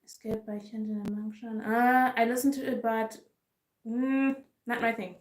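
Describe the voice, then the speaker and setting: A woman's voice: on the high side, level tone, moderate pace. A woman vlogger giving casual ranting commentary, frustrated and emphatic, repeating herself for stress. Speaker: K-pop vlogger. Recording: roomy echo.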